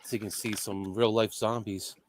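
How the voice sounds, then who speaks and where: A man's voice: fairly low pitch, level tone, normal speed, slight background noise. A man on a casual livestream chat teasing the others and laughing at his own jokes. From Philadelphia area. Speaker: livestream guest.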